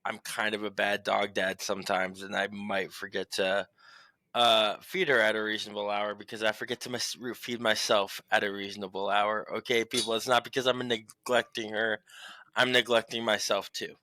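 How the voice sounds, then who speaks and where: A young man co-hosting a casual sports podcast from home, telling stories in a rambling, profane, animated way. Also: fairly low pitch, normal speed. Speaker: podcast co-host.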